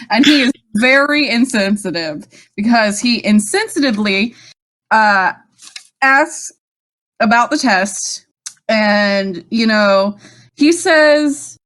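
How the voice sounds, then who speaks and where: A woman's voice: a little high, fairly bright tone. A woman co-hosting a casual podcast, recapping an episode with frequent laughs and swearing. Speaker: podcast co-host. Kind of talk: casual rewatch chat.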